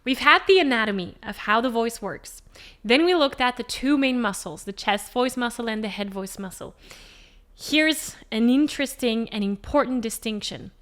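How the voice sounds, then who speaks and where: A woman singing teacher explaining vocal anatomy to the camera, emphatic and animated, asking rhetorical questions. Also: on the high side.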